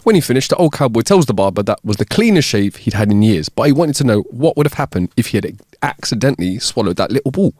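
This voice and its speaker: A man co-hosting a podcast, reading jokes aloud in a steady storytelling way. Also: medium pitch, quick pace, few pauses, breathy edge, dry recording, clean studio sound. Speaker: podcast co-host. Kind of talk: casual joke telling.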